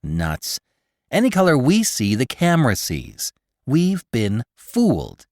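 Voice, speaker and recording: A man's voice: mid-range voice, slow pace, no room sound, studio quality. Click Hathaway, a man doing a jittery photographer. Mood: urgent. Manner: jittery and excitable. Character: small, nervous male space photographer.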